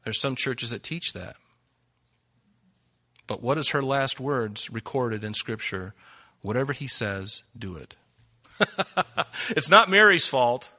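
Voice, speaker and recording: A man's voice: mid-range voice, lively intonation, slow pace, pauses often, bright, forceful tone. A man preaching a sermon, reading scripture aloud and pressing his listeners with emphatic rhetorical questions. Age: adult. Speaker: pastor.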